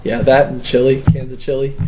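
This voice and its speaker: A man with a mid-range voice trades stories in a relaxed podcast chat, blunt and quick to swear. Faint hiss runs beneath the recording. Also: medium pitch. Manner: storytelling, profane, blunt. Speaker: podcast guest. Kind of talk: casual chat.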